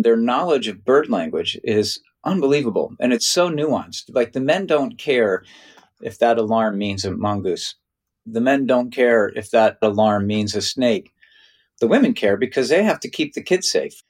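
A man in a conversational interview, spinning long stories in a loose, chatty way full of "you know" and "right". His voice sits at an ordinary middle pitch but leaps far up when he acts out other people's words. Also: breathy edge. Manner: animated storyteller, acts out other voices with big pitch jumps. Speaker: interview guest, nature mentor.

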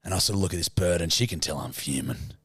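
A young adult man with an Australian accent, co-hosting a podcast and telling an animated, sweary story in casual chat. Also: deep voice, quick pace, slightly rough, no room sound, clean studio sound. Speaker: podcast co-host.

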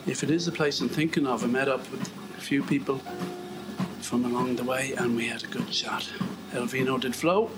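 A man's voice: mid-range voice, normal speed, loud music behind the voice, low-quality recording. A man vlogging in a wry, self-mocking, rambling way as he comments on a walking video. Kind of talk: casual commentary while watching a walk video.

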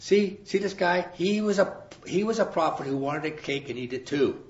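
A man's voice: high voice, animated, moderate pace. Man preaching a sermon, chatty storytelling, echoey room, muffled lo-fi sound. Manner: casual storytelling with slang asides. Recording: roomy, dull sound.

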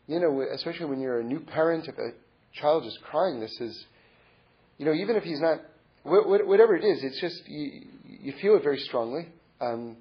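A middle-aged man sharing a personal story as a religious lesson, earnest and reflective, halting with many repeated words and restarts. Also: mid-range voice, breathy edge, dull audio.

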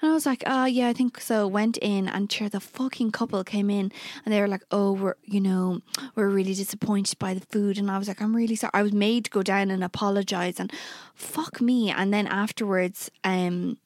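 A young woman co-hosting a podcast, telling stories in lively casual chat and swearing freely. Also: mid-range voice, brisk, no room sound, studio quality. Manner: animated storytelling, swears freely. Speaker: podcast co-host.

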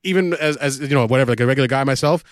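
A male podcast host chats casually and rambles, full of fillers, restarts, and playful impressions. He talks rapid-fire in a mid-range voice, and the recording is studio quality with no echo.

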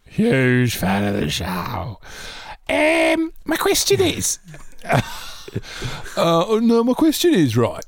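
Bloke putting on a brummie fan, flustered, voice swooping all over. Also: male voice, high-pitched, huge pitch swings, takes it slowly, long pauses, dry recording, clean studio sound, full character voice. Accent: Birmingham. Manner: flustered, losing his train of thought. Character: flustered Birmingham fan in the audience.

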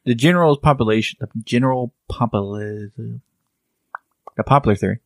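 A man's voice: mid-range voice, moderate pace, vocal fry, dry recording. A man co-hosting a podcast, talking casually and rambling through restarts as he explains ideas. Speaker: podcast co-host. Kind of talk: casual chat.

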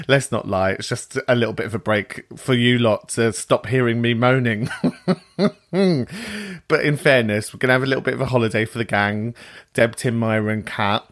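Lively, sweary male host with a self-mocking comic delivery and a wide-ranging voice. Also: medium pitch. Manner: sweary, animated and self-mocking, laughs often. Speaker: podcast host. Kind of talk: comic monologue and show intro.

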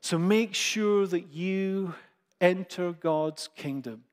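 A man preaching a sermon, slow and emphatic, with dramatic pauses. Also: high-pitched, clean tone, big-room sound.

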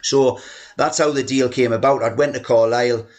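A man's voice: medium pitch, steady tone, moderate pace. A man, a former footballer telling stories as a podcast guest, chatty and full of "you know" and "like". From England. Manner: mimics a shouting chairman in quoted lines. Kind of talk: casual storytelling interview.

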